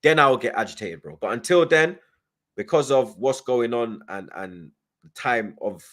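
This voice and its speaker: A man's voice: medium pitch, expressive, moderate pace, fairly bright tone. A young man hosts a fan channel, chatting casually and reading viewer comments, with constant slang and "you get me" tags. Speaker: football fan channel host.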